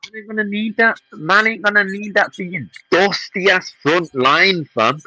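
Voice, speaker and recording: A man with a husky voice, a podcast co-host arguing indignantly in heated football banter and mocking his rival's words. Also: high voice, normal speed, bright, forceful tone, no echo, poor audio. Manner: indignant, exasperated, mocking quotes.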